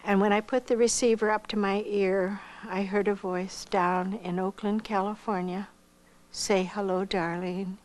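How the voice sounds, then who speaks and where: A woman's voice: mid-range voice, level tone, rough recording. Older woman telling a folksy personal story. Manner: unhurried, folksy, with pauses and soft hesitations. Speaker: missionary telling her life story.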